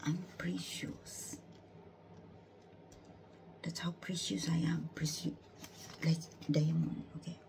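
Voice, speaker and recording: A woman in a whispered personal monologue, halting and repeating herself, close to tears. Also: deep voice, level tone, gravelly.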